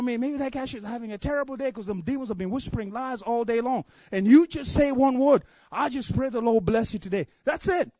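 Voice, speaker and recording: With a remarkably high voice, a preacher from Africa delivers a sermon that climbs with fervor, pushing repeated refrains almost to shouting. Then he eases back into softer storytelling. The sound is close and dry, without echo.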